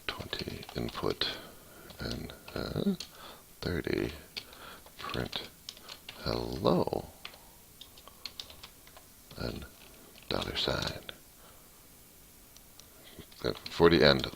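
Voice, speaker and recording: A man's voice: very deep voice, sing-song, slow pace, vocal fry, long pauses, a bit bright, a little hiss or hum. A man walking through some code casually, thinking aloud and reading lines out as he types. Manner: thinks aloud, reads code out while typing; rambling, many restarts. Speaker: hobbyist programmer. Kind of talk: casual coding walkthrough.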